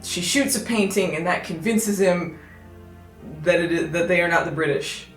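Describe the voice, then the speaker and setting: A woman's voice: lowish voice, moderate pace. Sarcastic woman ranting about a book. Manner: sarcastic, exasperated rant with frequent restarts. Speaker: video reviewer. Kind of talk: comedic book review. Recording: echoey room with faint music.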